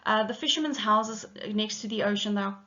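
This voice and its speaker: A woman's voice: medium pitch, a little fast, bright, forceful tone, highs cut off. Woman teacher explaining a poem. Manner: explanatory, methodical, with frequent ums. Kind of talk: poetry lesson.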